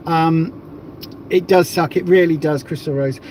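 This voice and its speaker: High-voiced chatty man hosting a livestream. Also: fairly even intonation, measured pace, a little mellow, a little hiss or hum. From south of England. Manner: chatty, rambling, jokey. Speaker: livestream host. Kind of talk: casual livestream chat.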